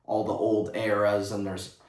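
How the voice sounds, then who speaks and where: Man ranting casually on a stream, rambling and profane, voice a bit low, roomy sound. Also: flat delivery, a little slow. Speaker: vlogger. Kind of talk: casual livestream rant. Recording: roomy echo.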